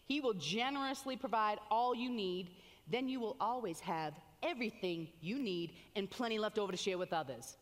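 A woman preaching a sermon with animated exclamations, reading scripture aloud between comments. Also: mid-range voice, normal speed. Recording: long hall reverb.

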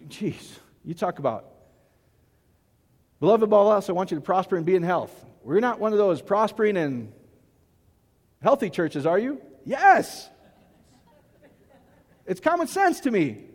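A male pastor preaching in a relaxed, folksy way, cracking jokes and checking in with the congregation. His voice sits high for a man. The sound carries a long echo from the church around him. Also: moderate pace, pauses often. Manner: folksy, joking, asks the congregation questions. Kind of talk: conversational sermon.

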